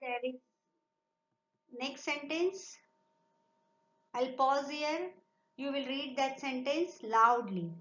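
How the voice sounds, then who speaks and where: An Indian English woman, a Marathi speaker, teaches children in a slow, encouraging classroom manner and reads sentences aloud for them to repeat. Her voice sits a little high. The recording is roomy and lo-fi with a faint hiss. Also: a bit bright. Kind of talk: online classroom lesson for children.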